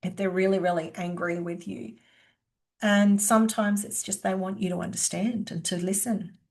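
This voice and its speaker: A woman presenting a workplace skills webinar, teaching in a lively way and acting out quoted lines of dialogue. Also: mid-range voice, normal speed.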